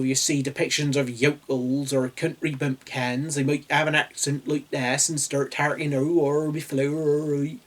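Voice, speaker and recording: A man with a posh English accent talks his way through a writing essay at an unhurried pace. He muses and digresses, adding asides and small chuckles as he goes. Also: a little high. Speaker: writing channel host. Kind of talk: reflective video essay.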